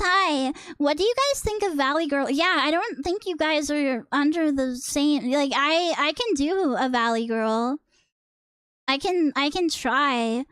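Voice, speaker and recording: Woman, high voice, dry close sound, teasing rambling live-stream chat. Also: no echo. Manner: playful, teasing, rambling with many fillers. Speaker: VTuber streamer.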